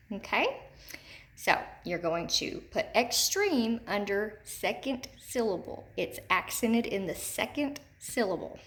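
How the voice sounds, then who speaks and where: Woman teacher, talks to young pupils, slow and clear, says each word more than once. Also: a little high. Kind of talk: recorded phonics lesson for children.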